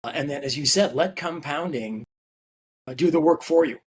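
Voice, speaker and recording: A man's voice: fairly high pitch, moderate pace. A man speaking as a business executive guest on a podcast, talking earnestly with frequent fillers and restarts. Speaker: CEO of a family office, podcast guest. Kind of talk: conversational interview.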